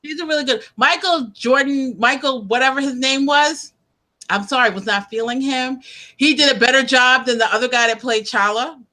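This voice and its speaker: A woman's voice: sits high, moderate pace, pushed and bright. A woman interviewer chatting casually about films, laughing often and trailing off mid-sentence.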